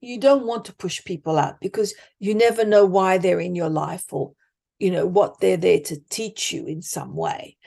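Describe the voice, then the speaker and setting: A woman life coach, speaking emphatically and deliberately as a podcast guest. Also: fairly low pitch, vocal fry, warm tone. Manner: emphatic, deliberate, acts out example thoughts. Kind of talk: conversational coaching talk.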